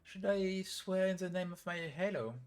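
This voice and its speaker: A mysterious wandering woman from a video game story, put on by a man in a lifted voice. She sounds soft, measured and evasive, giving little away. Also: high-pitched, soft background music, voice pushed up, close to an everyday voice. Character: calm, mysterious young female traveler.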